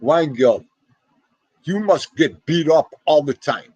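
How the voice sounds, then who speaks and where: A man's voice: a little high, slow pace, breathy edge, no room sound, muffled recording. A middle-aged man with a North Jersey accent, rambling in casual livestream chat and greeting viewers by name. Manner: rambling, animated, Italian-American slang. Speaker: livestream host reading chat.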